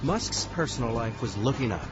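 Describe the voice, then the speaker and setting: A man narrates a documentary with a lively, rising and falling pitch and a measured, dramatic delivery. The audio sounds dull and lo-fi, with clear music playing under him. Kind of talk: scripted narration.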